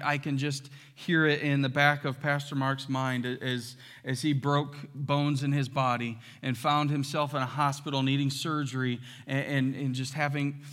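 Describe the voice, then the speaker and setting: A man preaching a sermon as pastor, animated and acting out quotes with loud outbursts. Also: mid-range voice. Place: church sanctuary. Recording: long hall reverb.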